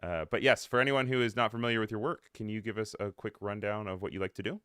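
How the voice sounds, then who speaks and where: A man's voice: fairly low pitch, fairly even intonation, fast, fairly bright tone, clean tone, no echo, studio quality. A young man hosting a live online show, friendly and chatty, who laughs easily. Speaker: livestream host.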